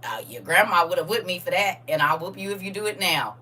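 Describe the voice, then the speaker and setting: Loud, laughing grandmother. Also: quick pace, distant mic, slight background noise. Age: older. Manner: lively, laughing, swings from soft to loud and high. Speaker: host reading viewer comments. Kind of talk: casual live-stream chat.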